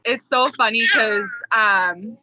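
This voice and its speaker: A woman's voice: a little high, takes it slowly, sharp tone, no echo, lo-fi sound. A young adult woman co-hosting a casual podcast chat, rambling in a giggly, friendly way. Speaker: podcast co-host.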